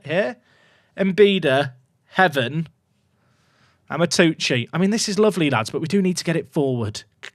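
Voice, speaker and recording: Animated man calling a football game. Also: on the high side, no room sound, studio quality. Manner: animated, swings from muttering to excited shouts. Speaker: gaming streamer. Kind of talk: live game commentary to chat.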